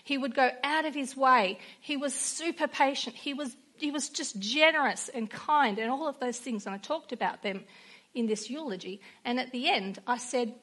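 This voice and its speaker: A woman's voice: sits high, normal speed, fairly bright tone. Earnest woman preaching a sermon. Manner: earnest, personal storytelling.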